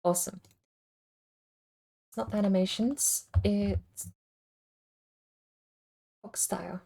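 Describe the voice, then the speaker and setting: A woman's voice: medium pitch, steady tone, slow, vocal fry, warm tone. A woman streaming a game, talking casually and thinking aloud in a rambling, self-deprecating way. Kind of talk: casual livestream commentary.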